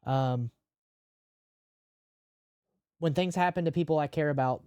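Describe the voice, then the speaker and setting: A man hosting a gaming podcast, speaking candidly and emotionally, with deadpan jokes. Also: a little high, a little slow, smooth, no room sound, clean studio sound. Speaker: podcast host and live streamer. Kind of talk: casual podcast chat.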